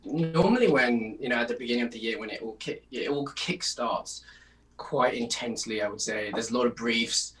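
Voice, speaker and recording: A man's voice: mid-range voice, normal speed, fairly bright tone. British man on a distant mic. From United Kingdom. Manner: chatty, laughs often, many fillers. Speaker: interview guest, songwriter. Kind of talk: casual interview. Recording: distant mic, faint noise.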